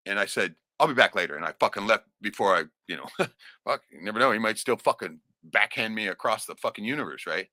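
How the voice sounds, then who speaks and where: A man's voice: lowish voice, expressive, quick pace, pushed and bright, dry recording, clean studio sound. A middle-aged man telling a rambling, profane personal story in casual chat. He laughs often and keeps checking in with "right?".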